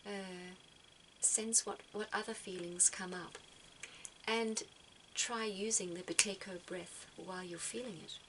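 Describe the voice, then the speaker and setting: A woman speaks gently and reflectively, often repeating words as she gathers her thoughts. Her voice sits in an ordinary middle pitch. A faint noise stays in the background. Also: fairly even intonation, unhurried. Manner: soft-spoken, repeats words as she thinks. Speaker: spiritual vlogger giving advice.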